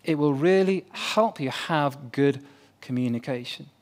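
A man's voice: mid-range voice, measured pace. A young man preaching a sermon as pastor, earnest and conversational with playful asides.

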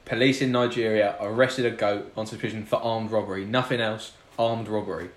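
A man's voice: fairly low pitch, steady tone, a little fast. A man hosting a podcast, running a quiz segment in casual, teasing banter. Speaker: podcast host. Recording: roomy with faint noise.

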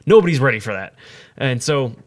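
Fast-talking young man telling a story. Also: medium pitch. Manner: animated, rambling storytelling. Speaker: podcast co-host telling a story. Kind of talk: casual chat.

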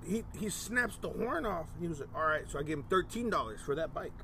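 Man, podcast host, slightly high voice, rambling profane stories, faint noise behind. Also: animated, brisk, creaky, pushed and bright. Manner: loose, profane storytelling with Spanish slang. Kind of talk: casual podcast chat.

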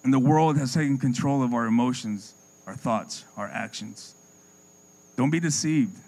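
A man preaching a sermon with passion, repeating words as he builds a point and dropping his voice low and soft for effect. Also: normal speed, poor audio.

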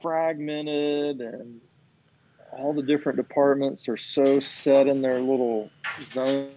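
A man's voice: medium pitch, fairly even intonation, slow pace, warm tone, slight background noise, low-quality recording. A man in casual chat, ranting with plenty of profanity and acting out the people he quotes.

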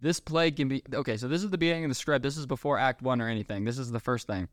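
A man co-hosting a casual movie-review chat, talking in an incredulous, animated way and laughing often. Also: medium pitch, racing, no echo, clean studio sound. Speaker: podcast co-host.

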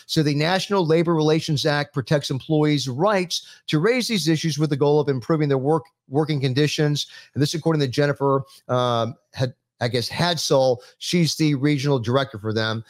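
Halting man hosting a panel show. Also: fairly high pitch, no echo, studio quality. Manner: halting, lots of fillers. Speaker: podcast host. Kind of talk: casual panel chat, reading news.

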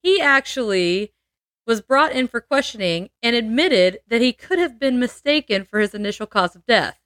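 A woman's voice: a little high, lively intonation, normal speed, fairly bright tone, dry recording, clean studio sound. A woman hosting a podcast, telling a true-crime story in casual chat, laughing often and adding playful asides.

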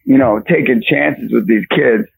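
Raspy, fervent man telling a story. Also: medium pitch, measured pace, no room sound, low-quality recording. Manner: fervent, storytelling with shouted exclamations. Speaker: guest. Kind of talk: animated faith testimony.

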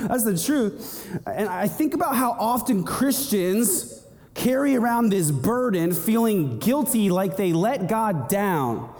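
A young male pastor with a high, light voice preaching with lively energy, slipping into quick acted-out voices. His words ring out with a long hall reverb around them. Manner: animated, acts out little scenes and voices. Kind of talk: sermon.

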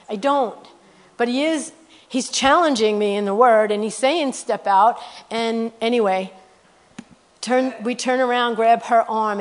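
Woman, sermon testimony, storytelling, echoing hall reverb. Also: on the high side. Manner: storytelling, animated, repeats phrases. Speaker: speaker sharing testimony.

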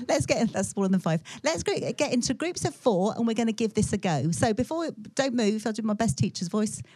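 Woman running a group exercise, brisk and friendly, dry close sound. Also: a little high, lively intonation, a little mellow, husky, dry recording. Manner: brisk, friendly, laughing asides. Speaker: workshop leader. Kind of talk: giving group instructions.

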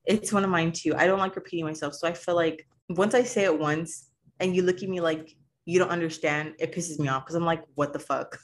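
A woman's voice: lowish voice, fairly even intonation, brisk, slight background noise. A woman chatting casually on a podcast, slangy and blunt, swearing and laughing. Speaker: podcast co-host. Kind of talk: casual chat.

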